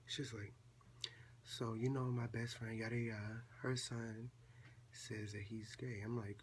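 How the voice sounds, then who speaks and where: A seventeen-year-old young man, a vlogger telling a casual storytime at home and acting out quoted dialogue in a chatty, animated way. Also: on the low side, measured pace, a little hiss or hum. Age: late teens.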